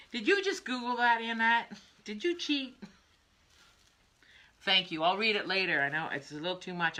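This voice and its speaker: A woman's voice: deep voice, sharp tone. An older woman hosting a craft livestream, chatting in a rambling way, laughing often and drifting into asides. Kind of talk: rambling casual chat.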